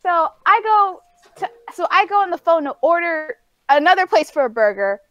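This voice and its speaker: A woman co-hosting a casual podcast chat, telling an animated story with laughs and acted-out quotes. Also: extremely high pitch, normal speed, no echo, lo-fi sound. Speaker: podcast co-host.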